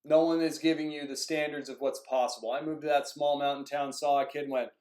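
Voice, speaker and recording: Man, youth soccer coach, casual monologue, slightly high voice, echoey room. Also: a little fast. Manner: animated storytelling, acts out conversations; frequent "like" fillers.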